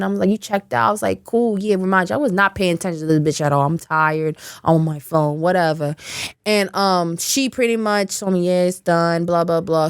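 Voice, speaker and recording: A young adult woman appears as a podcast guest, casually telling a story full of swearing and laughter in an animated, profane way. Her voice is fairly low, and the podcast studio recording is clean with no echo.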